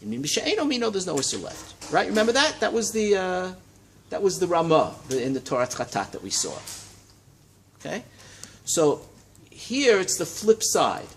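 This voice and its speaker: A man teaching a Talmud class in a study hall, lecturing in a lively way and checking in with his students. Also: sits high, moderate pace, slight background noise. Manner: animated, lively teaching with frequent check-ins and rising emphasis.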